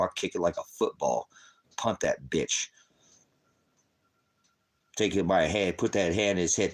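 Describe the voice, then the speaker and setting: A middle-aged man ranting angrily on a livestream as a father, cursing heavily and swinging from shouting to quiet. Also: low voice. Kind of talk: angry livestream rant.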